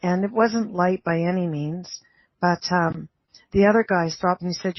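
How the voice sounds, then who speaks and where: A woman co-hosting a radio talk show, chatting away and telling a story with frequent exclamations. Her voice sits a little low. The sound is dry and somewhat muffled, like an old radio broadcast. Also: steady tone, moderate pace, dry recording. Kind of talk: casual chat.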